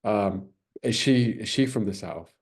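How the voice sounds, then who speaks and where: A man's voice: on the low side, measured pace, breathy edge. A British man interviewing, polite and hesitant with many ums. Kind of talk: casual interview.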